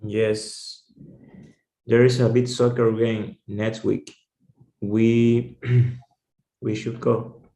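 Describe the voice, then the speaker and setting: A male student reads his English exercise sentences in a slow, level monotone. His voice is mellow and low-lit, and the room around him rings with echo. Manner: slow, flat reading of practice sentences. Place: cold room.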